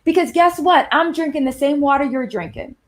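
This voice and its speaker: A woman in her fifties with a Southern accent, giving an animated presentation with emphatic shifts in pace. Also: sits high, fairly quick. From Long Island, New York. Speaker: speaker on workplace anti-racism. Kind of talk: presentation to an audience.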